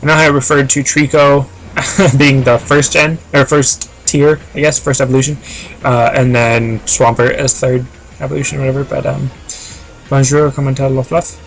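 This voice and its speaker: A man's voice: mid-range voice, level tone, normal speed, gravelly, a little hiss or hum. A man chatting casually on a live game stream, reading chat aloud and rambling with lots of fillers.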